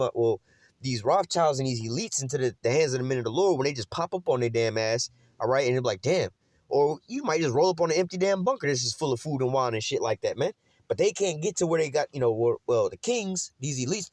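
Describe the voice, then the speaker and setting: A man's voice: fairly high pitch, no echo, studio quality. A man giving an informal scripture teaching, preachy and mocking, full of street slang and cursing. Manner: frequent "man" and "you know what I'm saying". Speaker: religious teacher.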